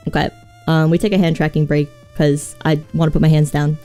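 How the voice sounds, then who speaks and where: A VTuber streams live in a scratchy, mellow voice that sits low, with flat delivery and a fairly quick pace. She drifts from topic to topic, swears freely, and pokes fun at herself in a casual way while faint music plays behind her.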